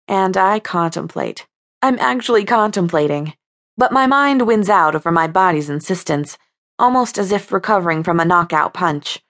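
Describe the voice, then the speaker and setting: A woman reads a first-person romance audiobook aloud, her voice sitting a little low for a woman. She tells the story in an intimate, lightly playful manner. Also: normal speed. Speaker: audiobook narrator.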